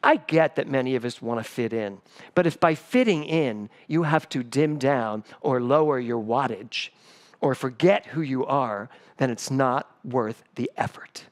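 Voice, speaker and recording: Animated man preaching a sermon. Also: mid-range voice, unhurried. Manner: animated storyteller. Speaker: spiritual director. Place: church service.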